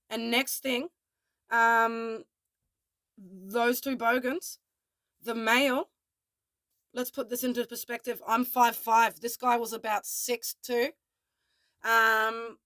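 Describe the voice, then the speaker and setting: A woman's voice: mid-range voice, fairly bright tone, dry recording. A young Australian woman telling a personal story in a casual vlog, candid and swearing freely. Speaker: vlogger.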